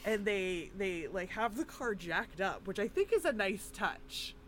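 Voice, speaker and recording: A woman's voice: mid-range voice, expressive, a little slow, a little hiss or hum. A woman co-hosting a podcast, chatting casually and retelling a film with lots of fillers and laughs. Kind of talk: casual chat recapping a film.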